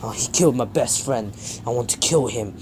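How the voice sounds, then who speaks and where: A man's voice: mid-range voice, moderate pace, background noise, natural voice. A man reading an angry vengeful teenage ninja. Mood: angry, demanding.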